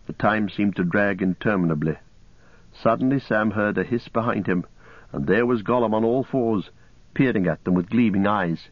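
A man narrates a story in a calm, measured way. His voice sits low. The recording is dry and somewhat dull. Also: no room sound. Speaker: audiobook narrator.

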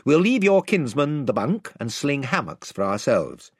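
A man voicing a friendly young king who speaks in a brisk, gently commanding way. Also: medium pitch, big pitch swings, slightly rough, no room sound, clean studio sound, pitched above the performer's own voice, exaggerated voice. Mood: kindly.

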